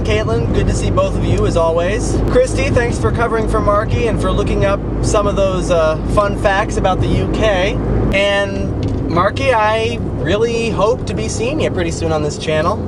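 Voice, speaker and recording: A fairly high-pitched man from Illinois talks his way through a casual driving-tour vlog with dry, sarcastic humor. Road rumble and wind press loudly on the recording. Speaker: vlogger. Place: in a car and outdoors by the road. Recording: loud road and wind noise.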